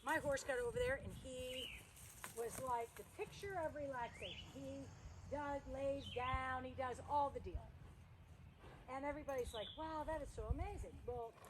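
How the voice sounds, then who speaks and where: High-voiced chatty woman outdoors with horse. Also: fairly even intonation, normal speed, background noise. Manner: chatty, breaks off to praise the horse. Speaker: horse trainer. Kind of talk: storytelling while working a horse. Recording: outdoor ambience with horse noises.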